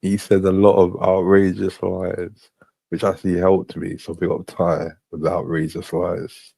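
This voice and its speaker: A young man with a deep voice and a gravelly edge hosts the show, breaking into mocking laughter as he talks over clips. He sounds close and dry, with no room around him. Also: completely flat delivery, unhurried, dark tone, dry recording. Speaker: host. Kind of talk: commentary on played clips.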